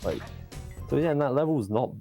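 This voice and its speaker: A man's voice: mid-range voice, expressive, a little fast, creaky, dark tone, faint music behind. A man explaining his own speedrun live in a matter-of-fact, explanatory way.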